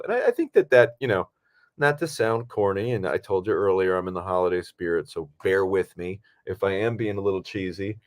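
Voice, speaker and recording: A man chatting casually as a podcast co-host, easygoing and rambling with plenty of fillers. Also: on the low side. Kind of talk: casual film podcast chat.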